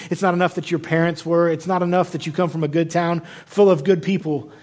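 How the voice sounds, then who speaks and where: A man preaching a sermon in a church in the American South, animated and self-correcting, often acting out the people in his story. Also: on the high side, a little fast, hardly any pauses. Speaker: pastor.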